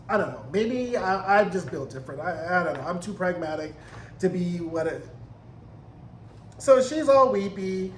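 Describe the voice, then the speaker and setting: Sassy high-voiced man recapping a show. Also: moderate pace. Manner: animated, profane, sassy, acts out character quotes. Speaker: TV recap reviewer. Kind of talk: casual episode recap and commentary. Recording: echoey room, faint noise.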